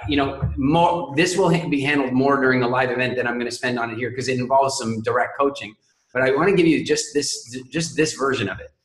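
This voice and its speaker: Man coaching with roomy echo. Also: mid-range voice. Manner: calm explanatory, uses analogies. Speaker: speaking coach. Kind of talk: group coaching call.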